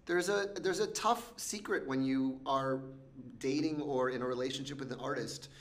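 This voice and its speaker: A man, a film director, answering interview questions in a reflective, thinking-aloud way, with many pauses and laughs. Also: mid-range voice. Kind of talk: casual interview chat.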